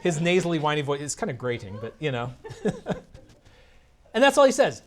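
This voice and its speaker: A man's voice: on the high side, big pitch swings, moderate pace, pauses often. A man giving a political keynote speech, combative and sarcastic, putting questions to the audience. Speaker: keynote speaker. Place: convention meeting room.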